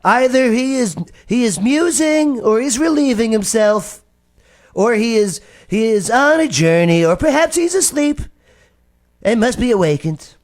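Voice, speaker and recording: A man's voice: very high voice, animated, measured pace, voice pushed up. A man voicing a scornful ancient male prophet who taunts his rivals in a mocking, sing-song way.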